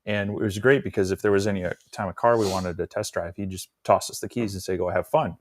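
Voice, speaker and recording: A man's voice: lowish voice, fairly even intonation, fast, no echo, studio quality. A man from Minnesota with a Minnesotan accent, co-hosting a casual live stream, hesitant and wry, with frequent restarts. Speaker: co-host.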